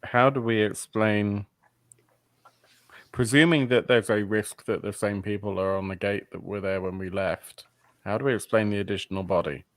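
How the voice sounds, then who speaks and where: A man's voice: on the low side, steady tone, normal speed, dry recording. A man playing a tabletop game, speaking in character with dry, teasing banter. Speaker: player. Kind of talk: tabletop role-play.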